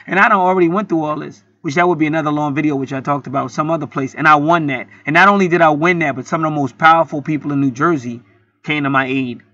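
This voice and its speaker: A man's voice: on the high side, fast talker, sharp tone, dry recording, lo-fi sound. A man telling a story in a casual, heated monologue, swearing often and rambling with many restarts. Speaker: channel host.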